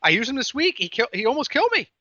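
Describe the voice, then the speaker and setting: A man co-hosting a football podcast, chatting casually and telling stories in an animated, excitable way. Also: very high-pitched, racing, no echo, dull audio. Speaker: podcast co-host. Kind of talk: casual sports chat.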